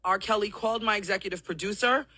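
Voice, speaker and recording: A woman hosting a live-streamed talk show, hoarse from coughing and a little out of breath, apologetic as she explains things at length to her viewers. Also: medium pitch, quick pace, sharp tone, no room sound.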